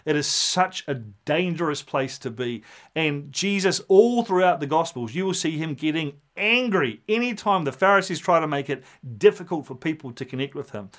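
A man preaching a sermon, animated and storytelling, acting out the voices in his quotes. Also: a little high, moderate pace. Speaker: pastor.

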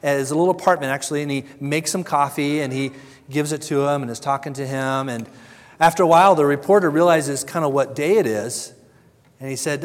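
A man's voice: on the high side, fairly quick, big-room sound. A man preaching a sermon, earnest and conversational, who briefly acts out the voices of the people he quotes and often repeats his words. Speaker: pastor.

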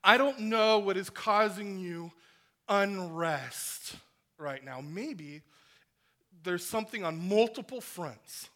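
A man preaching a sermon in an earnest style, rising to loud emphasis and dropping to hushed, near-whispered lines. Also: high voice, lively intonation, takes it slowly. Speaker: pastor.

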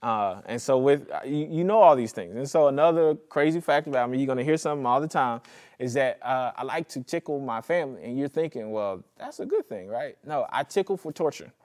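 Pastor, male, lively conversational sermon delivery with jokes and call-outs to the congregation. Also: medium pitch, brisk. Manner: animated, conversational preaching with jokes and audience prompts.

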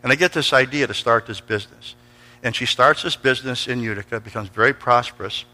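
In a low-quality recording, a middle-aged male pastor speaks a little fast in a medium-pitched, pushed, bright voice. Preaching a storytelling sermon in a church sanctuary, he energetically calls out to the congregation for responses.

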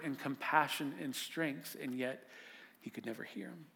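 Preacher telling a story with vivid swings. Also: male voice, medium pitch, moderate pace. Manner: vivid storytelling, swinging from loud and urgent to hushed. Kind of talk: sermon.

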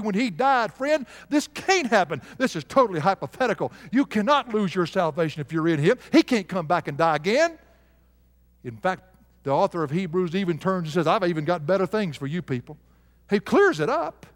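A male preacher delivering an emphatic sermon, asking his congregation to answer aloud. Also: sits high. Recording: live sermon with long hall reverb.

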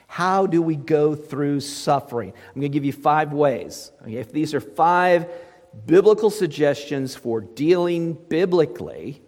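A man's voice: mid-range voice, darkish tone, breathy edge, in a large hall. A male pastor preaching a sermon in a conversational way, often putting rhetorical questions to his listeners.

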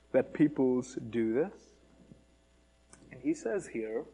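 Slow, lively, high-voiced male preacher. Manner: animated, mocking emphasis on taunts, rhetorical questions. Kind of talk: sermon.

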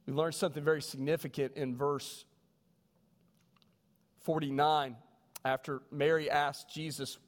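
A man, a pastor, preaching a sermon with animated storytelling. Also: mid-range voice, moderate pace, pauses often. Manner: animated storytelling, voices quoted people. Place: church sanctuary. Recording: long reverb of a church hall.

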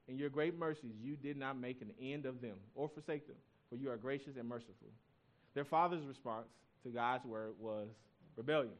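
A man's voice: medium pitch, a little fast. A male pastor giving a sermon, reading scripture and telling stories in a conversational way, with asides to the congregation.

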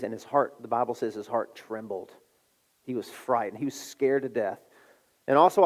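Animated preaching man, slightly high voice. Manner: animated storytelling, acts out voices in retelling. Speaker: pastor. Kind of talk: sermon.

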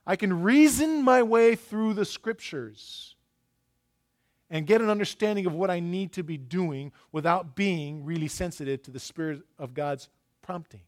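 Man, middle-aged pastor, sermon, raised pitch, loud peaks and quiet asides. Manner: storytelling, swings from loud emphasis to hushed asides.

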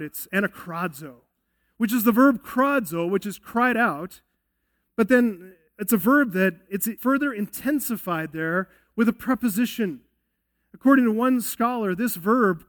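A man's voice: high-pitched, a bit bright. A male pastor preaching an expository sermon, earnest and emphatic, often asking rhetorical questions.

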